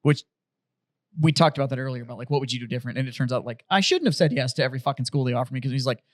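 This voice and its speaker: A man hosting a podcast who tells stories in casual, profane and animated chat. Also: mid-range voice, rapid-fire, no echo, studio quality. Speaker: podcast host.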